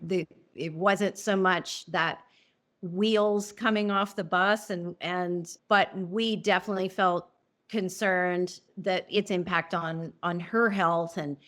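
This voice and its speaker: A middle-aged woman, an interview guest telling a personal story, earnest and emotional, halting and restarting often. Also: on the low side, fairly even intonation, fairly bright tone. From New Orleans.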